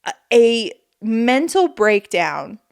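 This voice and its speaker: Expressive young woman telling stories. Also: on the high side, slow pace, clean tone. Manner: animated storytelling, swears freely, acts out quotes. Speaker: podcast co-host. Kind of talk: casual chat.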